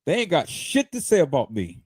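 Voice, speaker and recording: Animated, profane man ranting on a livestream. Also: a little high, brisk, slightly rough, dry recording. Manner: profane, heated, stammering repeats. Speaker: livestream host. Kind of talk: livestream rant.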